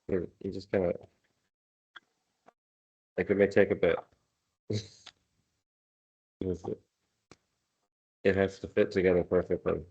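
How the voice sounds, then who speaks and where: A man's voice: level tone, takes it slowly, creaky, long pauses, warm tone, slightly rough. A man co-hosting a live show, chatting casually and hesitantly with lots of fillers. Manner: hesitant, filler-heavy, trailing off. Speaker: podcast co-host. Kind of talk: casual live-stream chat. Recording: muffled low-fidelity stream audio.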